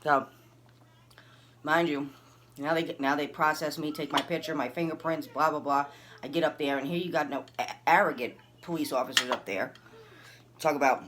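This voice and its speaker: A woman casually telling a personal story, acting out the people in it with big jumps in her voice. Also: a little fast. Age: adult, recalls early twenties and has a son. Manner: animated, acts out dialogue with big pitch jumps.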